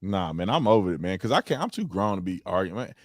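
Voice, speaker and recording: A man hosting a casual podcast chat, telling animated stories and acting out quotes loudly. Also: low voice, fast talker, no room sound, studio quality. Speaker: podcast host.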